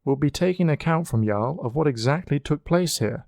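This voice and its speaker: A man's voice: fairly high pitch, lively intonation, moderate pace, gravelly, darkish tone, no room sound, clean studio sound, voice pushed up. Man as a polite, firm police officer.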